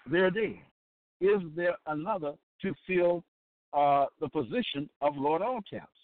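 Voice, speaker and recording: A man teaching from scripture in a slightly high voice, heard through a thin, tinny line with no room sound. He talks slowly and repeats himself, with many fillers, and keeps asking if the listener is following. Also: no echo. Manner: deliberate and repetitive, with many fillers and check-ins. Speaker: Bible teacher. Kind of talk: sermon-style Bible lesson. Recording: tinny phone-like line, dry.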